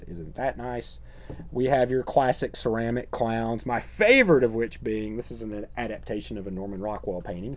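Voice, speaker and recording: Middle-aged guy kinda low voice, rambling sarcastic show and tell, deadpan jokes. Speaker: horror channel host. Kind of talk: casual show-and-tell monologue.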